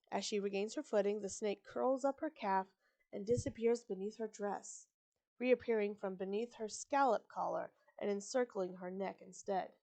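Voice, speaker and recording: A woman's voice: medium pitch, darkish tone. A woman reads a story aloud on a live stream, breaking off often for casual asides. She is chatty and digressive, stumbling on words and correcting herself as she goes. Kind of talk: reading a book aloud with casual commentary.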